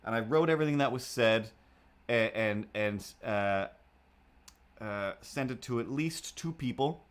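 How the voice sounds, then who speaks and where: A man's voice: unhurried, clear, resonant tone. Male streamer, mid-range voice, loose chatty storyteller, lots of "like" and restarts, odd hard-to-place accent. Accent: self-made, hard to place. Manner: rambling, with frequent restarts and fillers; animated, jumps into squeaky voices for the people he quotes. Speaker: livestream host. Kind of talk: casual storytelling while drawing.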